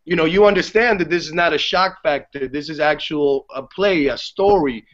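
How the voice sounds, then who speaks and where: Male podcast guest, mid pitch, casual and profane, lo-fi sound. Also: normal speed. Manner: animated, swears freely, restarts often. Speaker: theater guest. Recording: dull lo-fi podcast audio.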